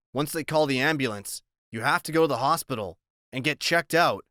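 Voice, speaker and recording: A man's voice: mid-range voice, normal speed, a bit bright, dry recording, studio quality. A man narrating an audiobook in the first person, in a plain, conversational storytelling manner.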